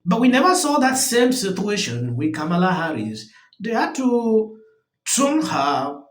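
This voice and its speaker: A man's voice: sits high, huge pitch swings, measured pace, roomy sound, poor audio. A man hosting a reaction commentary channel, speaking emphatically and with disbelief.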